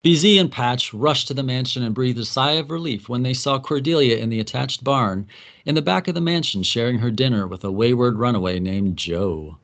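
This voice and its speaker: A man giving a wry, comic recap of a story, with quick asides in the characters' voices. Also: medium pitch, fairly bright tone.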